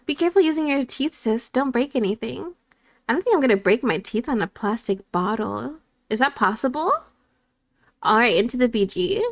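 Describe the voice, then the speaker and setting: A woman's voice: on the high side, animated, moderate pace. A woman VTuber streamer chatting casually and reading her chat aloud in a bubbly, playful way.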